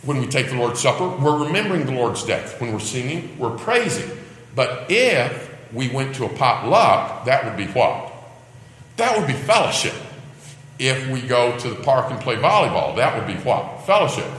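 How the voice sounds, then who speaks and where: A man's voice: medium pitch, very animated, normal speed, a bit bright. A man teaching a Bible lesson in a church classroom, emphatic and full of rhetorical questions. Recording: echoey hall with long reverb.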